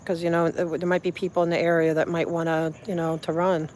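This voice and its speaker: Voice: medium pitch, completely flat delivery, fast talker, a little mellow, a little hiss or hum. A livestreamer chatting casually with viewers, effusive and rambling, with many restarts, recorded on a phone outdoors at night. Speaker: livestreamer reading viewer chat. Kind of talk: casual live-stream chat.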